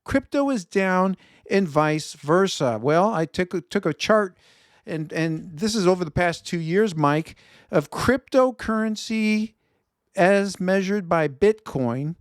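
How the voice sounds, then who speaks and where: On his investment show, a man from Chicago with a Chicago accent discusses the markets conversationally, reads viewer feedback, and corrects himself as he goes. His voice sits high and sounds animated and smooth, though he speaks slowly, in a dry, studio-quality recording.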